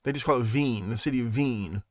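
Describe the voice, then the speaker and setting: A man's voice: medium pitch, brisk, a little mellow, no echo, clean studio sound. A man hosting his own show, talking in a rambling, sarcastic way and laughing at his own jokes. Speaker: podcast host. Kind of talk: casual monologue.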